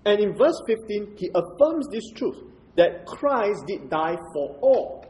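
Male preacher with a higher, swinging pitch and a mellow tone, teaching slowly through a text. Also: big pitch swings, rough recording. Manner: measured and explanatory, asks rhetorical questions. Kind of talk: expository sermon.

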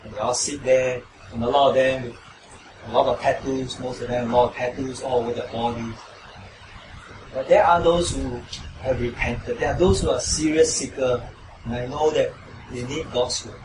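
A man's voice: medium pitch, steady tone, normal speed. A man preaching a sermon as pastor, pressing his listeners with repeated rhetorical questions that build into emphatic pleas. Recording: roomy echo, distant mic, noisy.

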